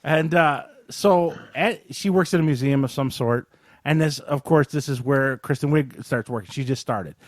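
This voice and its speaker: At normal speed and medium pitch, a man co-hosting a podcast animatedly retells a film's plot, mimicking characters in exaggerated voices. The setting is a casual movie review chat, recorded dry at studio quality.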